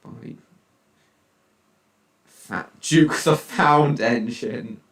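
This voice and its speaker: A teenage boy live streaming from home, chatting casually and reacting out loud to his viewers' chat messages. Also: medium pitch, extremely slow. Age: teens. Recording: roomy, distant mic.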